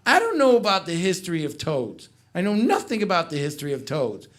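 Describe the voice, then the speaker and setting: A man's voice: high voice, brisk. A middle-aged man doing a stand-up comedy set on a club stage, telling stories and joking with the crowd. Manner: animated storytelling with crowd work.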